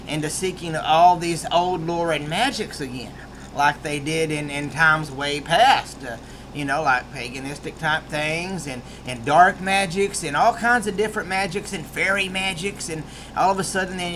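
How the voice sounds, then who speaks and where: A man's voice: high-pitched, bright, forceful tone, slight background noise. A man with a rural American accent giving a casual book review, rambling with many restarts.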